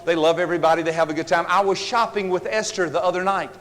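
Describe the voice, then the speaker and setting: Animated man telling funny stories. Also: high-pitched, fast, in a large hall. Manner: animated, joking storyteller. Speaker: seminar speaker. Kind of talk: humorous seminar storytelling.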